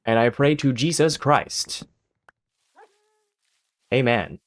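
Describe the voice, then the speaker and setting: A slow, mock-proud American everyman, put on by a man, earnest to the point of parody. The voice sits at an ordinary middle pitch. It is recorded dry and close. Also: no echo, natural voice. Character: bland stereotypical American everyman, male adult.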